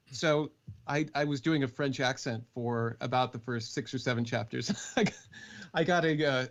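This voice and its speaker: A man's voice: mid-range voice, muffled recording. A man who narrates audiobooks, chatting as a guest in an easygoing way with frequent laughs. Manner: easygoing, laughs often, many fillers. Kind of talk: casual interview chat.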